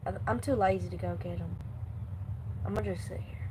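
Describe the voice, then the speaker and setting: A woman's voice: lowish voice, fairly quick, background noise. A young woman live streamer rambling playfully and chatting casually to her viewers. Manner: rambling, playful, talks to chat.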